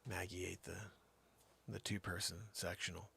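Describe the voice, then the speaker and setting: A man hosting a comedy show, telling a rambling tall tale that swings from shouts to mutters. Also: sits low, normal speed, gravelly, a little hiss or hum. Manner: animated storytelling, swinging between shouts and mutters. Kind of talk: rambling comic monologue.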